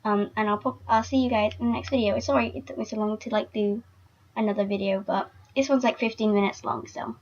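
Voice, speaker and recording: A woman's voice: mid-range voice, fairly even intonation, a little fast, a little mellow. A young woman vlogging casually, chatty and emotional, with lots of filler words. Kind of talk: casual fan vlog. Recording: dull lo-fi recording.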